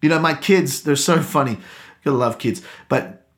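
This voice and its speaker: A man's voice: fairly high pitch, moderate pace, a bit bright. A man preaching a sermon as pastor, earnest and exhorting, repeating key phrases for emphasis.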